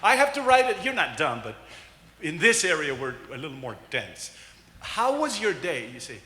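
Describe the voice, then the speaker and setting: A man's voice: on the high side, big pitch swings, normal speed, pushed and bright. A middle-aged male pastor preaching a sermon, joking with the congregation and acting out the voices he quotes. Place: church sanctuary. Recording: echoey church hall.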